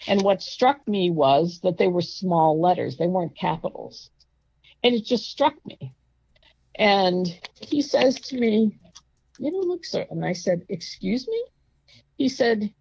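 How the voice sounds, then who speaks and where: An older woman recounts a personal story at an unhurried pace in a low, gravelly voice. She is emphatic and indignant and now and then raises her voice sharply. The recording is dry and a bit muffled. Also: no room sound. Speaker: guest telling a personal story. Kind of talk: casual storytelling.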